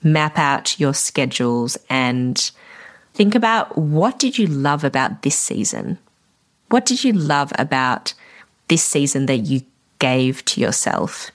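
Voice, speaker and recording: A wedding photographer hosts her own solo podcast, speaking to fellow vendors in a rumbling low voice with big pitch swings and an unhurried pace. She sounds reflective and encouraging, and at times a little emotional.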